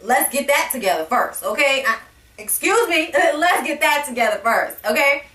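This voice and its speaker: A woman's voice: sits high, normal speed, recorded from a distance. Sassy, blunt woman ranting in an echoey room. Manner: sassy, blunt, profane, animated. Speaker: reality TV reviewer. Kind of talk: casual rant to camera. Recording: echoey room, voice a bit off-mic.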